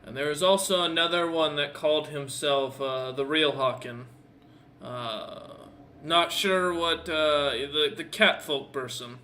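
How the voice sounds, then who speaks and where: A man's voice: a little high, measured pace, sharp tone. A man playing a cold orc prince.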